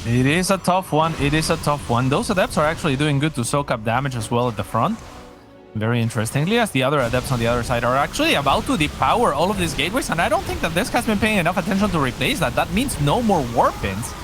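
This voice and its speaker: Male caster, lively pitch, analytical play-by-play, faint music under. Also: fast talker. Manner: animated, analytical, many restarts. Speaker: esports caster. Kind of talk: live game commentary.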